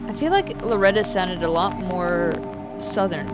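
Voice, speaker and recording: A woman's voice: on the low side, lively intonation, unhurried, muffled recording, music in the background. A woman playing a story game and chatting casually in self-mocking asides. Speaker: gamer streaming a story game. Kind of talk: casual commentary.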